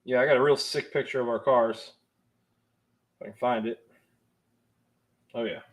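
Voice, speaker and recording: A man's voice: medium pitch, steady tone, moderate pace. A man in his thirties hosting a casual livestream, telling a rambling story, laughing often and greeting viewers in the chat. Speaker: livestream host.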